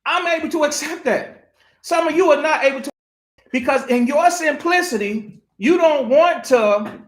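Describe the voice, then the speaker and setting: A man with a high voice preaches through a Bible passage, pressing his points with rhetorical questions and repeated phrases. The sound rings in a roomy, echoey space. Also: a bit bright. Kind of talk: preaching scripture study. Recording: roomy echo.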